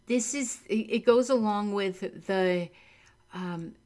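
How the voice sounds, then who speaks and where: A woman's voice: mid-range voice, slow pace. A middle-aged woman giving a reflective spiritual talk, earnest and open, laughing easily and leaning hard on key words. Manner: earnest and warm, laughs easily, lively emphasis. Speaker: spiritual speaker.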